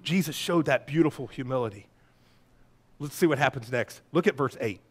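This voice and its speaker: A man preaching a lively, playful sermon as pastor, breaking into shouts and silly voices. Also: medium pitch, normal speed.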